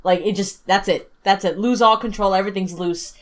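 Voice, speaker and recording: A woman chatting casually on a podcast, talking in quick loose bursts and laughing easily. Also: mid-range voice, fairly even intonation.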